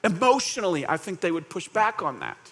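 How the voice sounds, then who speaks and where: A man with a notably high voice preaches a sermon. He keeps it conversational, asking the congregation questions and acting out little scenes with quoted voices. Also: big pitch swings, fairly quick, fairly bright tone. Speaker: pastor.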